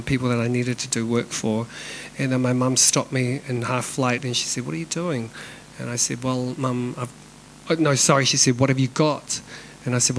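In a low-quality recording with slight background noise, a mid-range, slightly bright male voice belongs to a middle-aged New Zealand dance company director. He shares a personal story openly, cursing freely and at times lowering his voice to a whisper.

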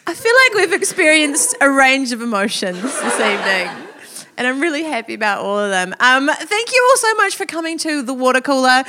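Woman host at a live event, high voice, loud crowd and room noise behind. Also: lively intonation, brisk. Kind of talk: closing announcements. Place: live venue. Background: audience and noise.

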